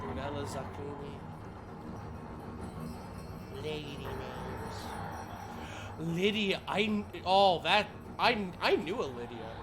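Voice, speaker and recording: Slow, rambling guy. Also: a little high. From Ohio, USA. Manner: jokey, rambling, laughs often. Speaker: streamer. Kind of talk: casual gameplay commentary. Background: game music.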